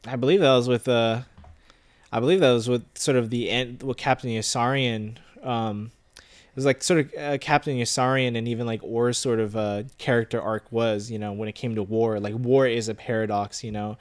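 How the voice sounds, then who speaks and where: A man's voice: medium pitch, steady tone, normal speed. A man co-hosting a casual movie review chat, thinking aloud in a rambling way with many fillers. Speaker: podcast co-host.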